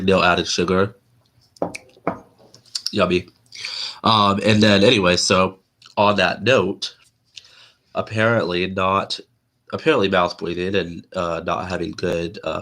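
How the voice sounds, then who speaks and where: Deep-voiced nasal man, casual livestream host, loose and rambling. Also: fairly even intonation, measured pace, pauses often, fairly bright tone. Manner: loose and chatty, many fillers and restarts.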